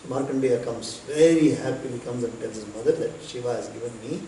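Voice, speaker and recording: A man, a spiritual teacher telling a devotional story in an unhurried way, with pauses and bits of chanting. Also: mid-range voice, warm tone. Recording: echoey hall, distant mic, faint noise.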